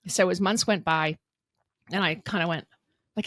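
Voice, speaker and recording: Animated woman in her fifties, dry sound. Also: on the low side, normal speed, dry recording. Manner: animated storyteller who acts out other people's lines, laughing often. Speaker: guest, mayoral candidate. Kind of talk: casual storytelling interview.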